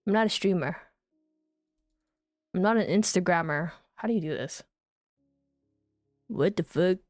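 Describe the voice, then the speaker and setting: Slow, giggly young woman streamer. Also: medium pitch, a little mellow, no room sound, studio quality. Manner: giggly, tender, swears casually. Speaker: VTuber streamer. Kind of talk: casual stream chat.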